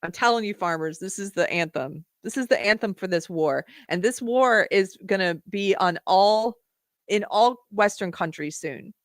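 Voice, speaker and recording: A woman's voice: mid-range voice, moderate pace, no room sound, clean studio sound. A woman hosting a live stream, chatting earnestly and directly with her viewers. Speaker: livestream show host. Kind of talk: casual live-stream chat.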